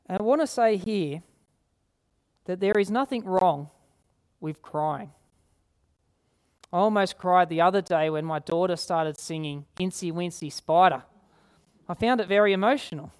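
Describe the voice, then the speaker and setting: Woman giving a sermon, bit low-pitched, earnest, repeats stuff for emphasis. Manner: slows down to read scripture aloud. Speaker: preacher.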